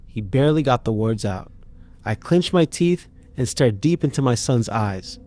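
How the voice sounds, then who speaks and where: A man's voice: medium pitch, lively intonation, normal speed, mellow. A man narrating a first-person horror story in a tense, dramatic reading.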